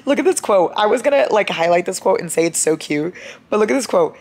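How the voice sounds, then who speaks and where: A woman's voice: mid-range voice, lively intonation, a little fast. A young woman vlogging about her reading in a casual, chatty way, gushing and dramatic as she talks straight to her viewers. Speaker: book vlogger.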